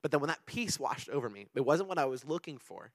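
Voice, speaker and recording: A young man preaches in a relaxed, chatty way, telling personal stories with an animated, rambling delivery and frequent restarts. His words come quickly, tumbling out one after another. The recording is close and dry, with no room sound around him. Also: mid-range voice, no room sound. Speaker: pastor. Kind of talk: casual sermon with personal stories.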